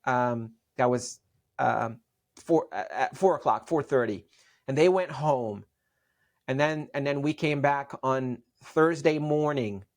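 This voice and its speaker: A man's voice: medium pitch, takes it slowly, darkish tone. Earnest middle-aged man. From Syria. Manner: earnest, repeats and restarts words. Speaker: guest. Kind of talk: interview storytelling.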